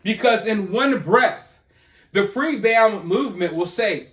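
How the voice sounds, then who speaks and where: A man's voice: high voice, expressive, takes it slowly. A man hosting a commentary video, ranting in a sarcastic, mocking way. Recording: roomy echo.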